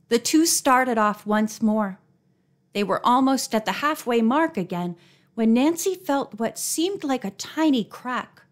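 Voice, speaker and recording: Woman narrating a mystery audiobook. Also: unhurried. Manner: expressive, raises her pitch for dialogue. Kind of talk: scripted narration.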